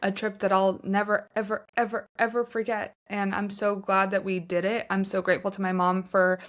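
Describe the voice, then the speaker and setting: On her own podcast, a young American woman chats in a heartfelt, gushing way, full of "like" fillers. Her mid-range voice moves little in pitch and keeps a moderate pace.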